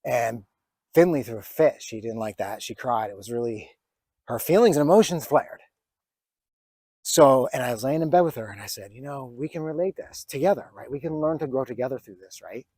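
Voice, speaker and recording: In a vlog with no room sound, a forties-aged man with a medium-pitched, slightly mellow, expressive voice tells a personal story at a fairly quick pace. He comes across earnest and reflective, with plenty of fillers and restarts, and is emotional enough to be near tears at times.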